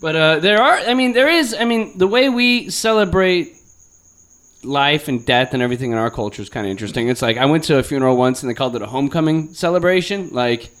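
Lively joking male podcast host. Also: a little high, fast. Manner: joking, animated, trails off into quiet asides. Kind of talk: casual comedic chat.

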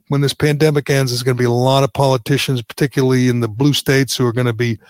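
Gravelly talk host. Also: male voice, medium pitch, dry recording. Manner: sarcastic, indignant ranting. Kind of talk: political talk radio banter.

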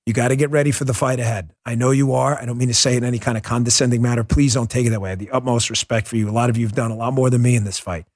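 A middle-aged man hosting a political commentary show, talking in an animated, mocking way with quick asides. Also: medium pitch. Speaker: host.

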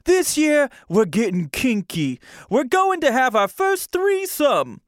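A giddy, corny lover boy with a put-on New Jersey accent, as a man fakes it while reading aloud. The voice jumps up high and loud in a swooping sing-song, with a smooth tone and a dry sound. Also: big pitch swings, slow pace, no echo, heavily acted. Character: corny, eager man in love with a ghost.

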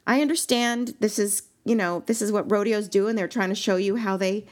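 Animated woman telling a story. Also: mid-range voice, brisk. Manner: animated storytelling, squeals when cheering. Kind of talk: casual storytelling chat.

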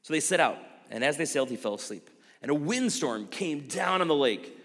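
A man's voice: on the high side, lively intonation, normal speed, fairly bright tone. Guy pastor preaching, earnest and chatty, big echoey church hall. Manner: earnest, conversational preaching with emphatic quotes. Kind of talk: sermon.

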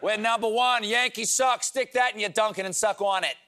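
A man's voice: high voice, brisk, background noise, voice pushed up, close to an everyday voice. A man putting on a Boston accent to play a brash, taunting sports fan. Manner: loud, taunting, put-on.

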